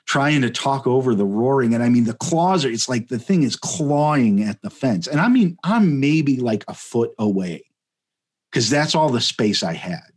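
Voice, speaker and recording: A man tells a funny story on a podcast in an easygoing, animated ramble, leaning on "like" and "you know". His voice is husky and sits in a middle pitch, and he laughs through his own lines. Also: normal speed. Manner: animated, rambling, laughs mid-sentence, many fillers. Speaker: podcast guest telling a story. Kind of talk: casual comedic storytelling.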